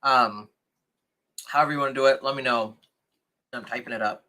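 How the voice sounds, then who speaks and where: A young adult man with a mid-range voice hosts a casual livestream at a moderate pace. He chats excitedly and thanks viewers while reading their comments.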